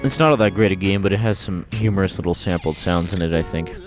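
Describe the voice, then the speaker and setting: Offhand low-voiced man over loud music. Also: fast. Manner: offhand, rambling, trailing asides. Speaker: home video presenter demonstrating computer audio. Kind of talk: casual demo commentary. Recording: old home video with loud music behind.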